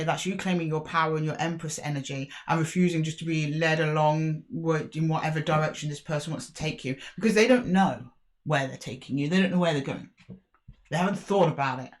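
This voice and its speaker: A woman giving a casual, chatty tarot reading, speaking straight to the viewer. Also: on the low side. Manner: chatty, animated, talks directly to viewer. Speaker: tarot reader.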